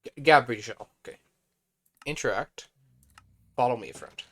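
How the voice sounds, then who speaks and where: A man with a hoarse, fading voice, chatting casually on a live stream as he plays a building game and thinks aloud. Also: mid-range voice, measured pace, fairly bright tone, slight background noise.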